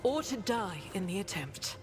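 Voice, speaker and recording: A woman's voice: medium pitch, sing-song, moderate pace, natural voice. A woman voicing a stern, resolute warrior devotee in a video game. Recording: reverberant game audio with music.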